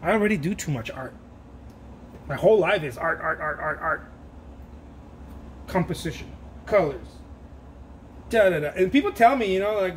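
A painter who hosts his own art channel chats casually while he works, rambling, making self-mocking jokes and laughing often in a playful way. His high voice is expressive, at a moderate pace with frequent pauses, and there is slight background noise.

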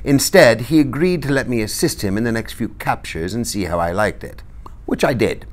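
A man reading a novel aloud with expressive, lively storytelling. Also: medium pitch, fairly quick. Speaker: reader.

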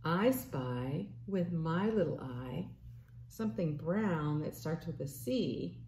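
A woman, a children's librarian, leading a slow, playful storytime for babies and toddlers and asking the little ones questions. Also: deep voice, expressive, warm tone, a little hiss or hum. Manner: sing-song, slow, playful, asks little listeners questions.

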